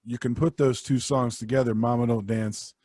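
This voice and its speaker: A man's voice: medium pitch, steady tone, normal speed, a little mellow, breathy edge. A young man in easy podcast banter who jokes around and breaks into sung snippets. The sound is dry and close, with no room echo. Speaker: podcast co-host. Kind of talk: casual chat.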